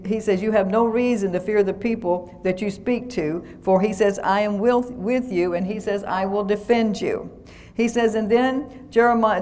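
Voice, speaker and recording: A woman's voice: mid-range voice, a little mellow. Woman pastor preaching scripture. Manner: preaching, quoting scripture with repeated "he says". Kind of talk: sermon.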